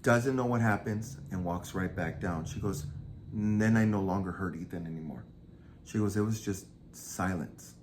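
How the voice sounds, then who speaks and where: A man's voice: low-pitched, normal speed, slight background noise. A man casually retelling a true crime story, acting out the quoted lines with lots of energy.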